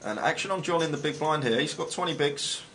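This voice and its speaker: A man giving relaxed, analytical play-by-play commentary on a live poker stream. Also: on the high side, a little fast, slight background noise.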